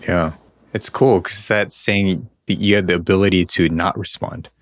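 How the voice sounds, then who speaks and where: Very deep-voiced man giving short replies. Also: steady tone, normal speed, no echo, studio quality. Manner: brief agreeing interjections. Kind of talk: casual chat.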